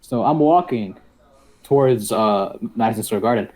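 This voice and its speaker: A young man co-hosting a podcast, telling an animated, slangy story. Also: lowish voice, normal speed. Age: young adult. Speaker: podcast co-host. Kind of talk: casual chat.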